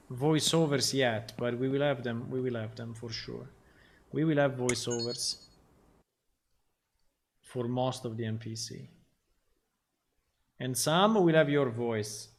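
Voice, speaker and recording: A man's voice: mid-range voice, slow, pauses often, slight background noise. A man talking casually on a livestream as a game developer, thinking aloud in a rambling way with lots of ums and restarts. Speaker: game developer streaming his work. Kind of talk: casual livestream talk while working.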